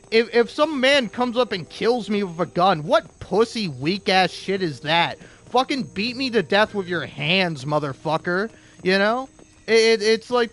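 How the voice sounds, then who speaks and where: High-voiced man ranting profanely over gameplay. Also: fairly bright tone. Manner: profane, rambling, sarcastic. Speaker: gaming commentator. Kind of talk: casual ranting gameplay commentary.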